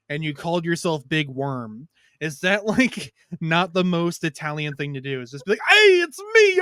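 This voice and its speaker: A man rambles through a crude story on a podcast. His voice is smooth and clean, recorded dry and close. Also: fairly high pitch, no room sound. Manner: rambling storyteller, loud shouted impressions. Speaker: podcast co-host. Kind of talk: casual crude chat.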